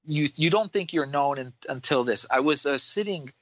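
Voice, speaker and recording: A man's voice: fairly high pitch, normal speed, dry recording, dull audio. A man from New York, a dentist guest on a podcast, telling a rambling story in casual chat with many restarts.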